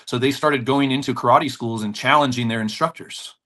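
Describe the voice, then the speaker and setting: Speaking fairly quickly at medium pitch, this gym owner and jiu-jitsu black belt is a podcast guest whose animated storytelling has him impersonating the characters and laughing frequently.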